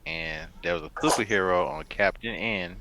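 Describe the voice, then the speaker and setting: A man's voice: on the low side, very animated, normal speed, creaky, over a noisy crowd, rough recording. A man co-hosting a casual podcast chat, talking emphatically. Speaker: podcast co-host.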